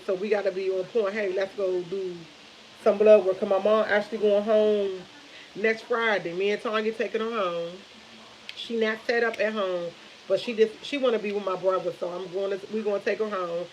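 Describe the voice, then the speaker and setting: A woman's voice: medium pitch, steady tone, fairly quick, a little hiss or hum, rough recording. Chatty woman rambling on a live stream. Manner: chatty, rambling, retells conversations. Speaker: vlogger. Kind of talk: casual live-stream chat.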